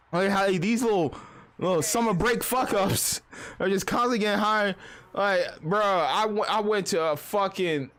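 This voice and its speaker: High-voiced man on a profane rant. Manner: profane, rambling, storytelling with animated asides. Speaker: streamer. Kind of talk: casual live-stream rant.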